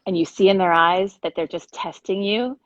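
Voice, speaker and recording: A woman's voice: mid-range voice, normal speed, dry recording. Woman, enthusiastic interviewer, casual chat, muffled dry audio. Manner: enthusiastic, reads out viewer comments.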